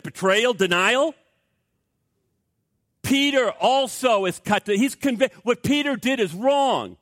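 Brief: male pastor, fairly high voice, dry close sound, emphatic sermon delivery with rhetorical questions. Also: fairly bright tone, no room sound.

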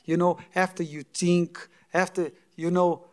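A man with a high voice gives a sermon-style testimony to a congregation. His English is halting and non-native, with frequent restarts and words repeated for emphasis. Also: level tone, darkish tone.

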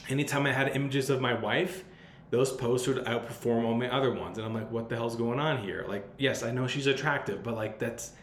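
A man hosting a podcast, giving casual advice in a blunt, loose way and swearing freely. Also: medium pitch. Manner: blunt and profane, loose and conversational. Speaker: podcast host. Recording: roomy sound with faint background noise.

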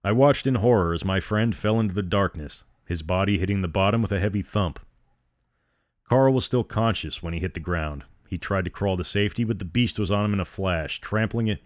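A man reads a horror story aloud in a steady, grim tone. His voice sits very low, and the recording is dry and close, with no room sound. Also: moderate pace, dry recording. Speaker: narrator. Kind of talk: scripted horror story narration.

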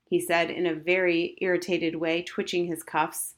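A woman reads a children's novel aloud in steady scripted narration. Her voice sits a little low for a woman. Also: normal speed. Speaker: audiobook narrator.

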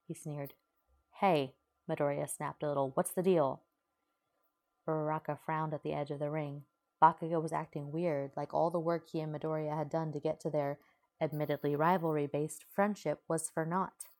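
A woman narrates a story in an even, unhurried way. Her voice is low and gravelly, with a creaky fry. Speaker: reader. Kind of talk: audiobook-style fanfiction reading.

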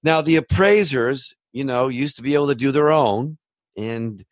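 A middle-aged man speaks as a loan officer, hammering home his warnings again and again. His voice sits at an ordinary middle pitch. The recording is dry and close, with no room sound. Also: normal speed, no room sound. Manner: emphatic, repetitive warnings, storytelling asides. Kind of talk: direct-to-camera advice talk.

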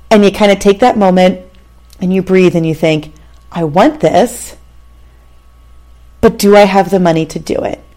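A woman's voice: mid-range voice, mellow. A woman in her thirties hosting a show, telling a personal story in a candid, conversational way and addressing the listener directly. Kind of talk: casual storytelling monologue.

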